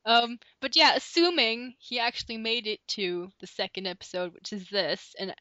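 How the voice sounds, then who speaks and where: A woman's voice: a little high, normal speed, sharp tone, no room sound. A young woman co-hosting a casual podcast, playful and eager, laughing often. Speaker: podcast co-host. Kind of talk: casual chat. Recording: dull lo-fi home mic, dry.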